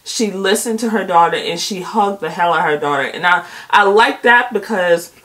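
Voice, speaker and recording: A woman's voice: fairly low pitch, normal speed, fairly bright tone, low-quality recording. A young woman giving a casual, emphatic recap of a TV episode. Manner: chatty, emphatic, quotes people with feeling. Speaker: video host recapping a TV episode.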